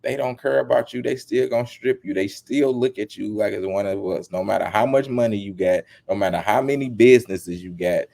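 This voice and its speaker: A man giving casual commentary as a vlogger, animated and emphatic, with lots of slang. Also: lowish voice, a little fast, creaky, hardly any pauses.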